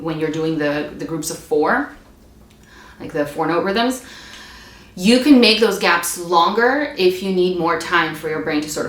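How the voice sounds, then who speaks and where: Woman music teacher, lowish voice, patient step-by-step explainer, echoey room. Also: a bit bright. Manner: explains patiently, demonstrates between phrases. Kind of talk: instrumental practice lesson. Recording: echoey room with string playing. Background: bowed string instrument between lines.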